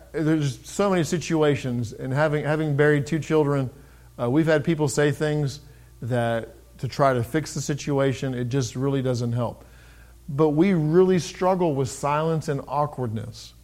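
A middle-aged man giving a sermon with a fairly high voice. He talks in an easy, conversational way, starting some phrases over. When he reads scripture, he lifts his voice. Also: darkish tone. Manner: conversational, pauses and restarts, reads scripture in raised voice. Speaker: pastor.

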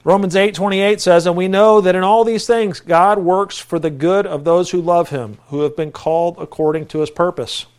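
A man's voice: high-pitched, steady tone, normal speed, few pauses, smooth. A middle-aged male pastor preaching a folksy, conversational sermon with self-deprecating asides.

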